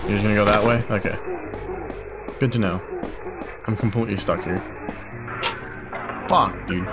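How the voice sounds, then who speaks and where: A young man commentating a horror game as he plays, frustrated and confused, swearing often and breaking into loud startled yelps. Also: fairly low pitch, fairly even intonation, normal speed. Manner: frustrated, swearing a lot, bursts of loud surprise. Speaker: gaming YouTuber. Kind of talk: let's play commentary. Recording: game music playing behind.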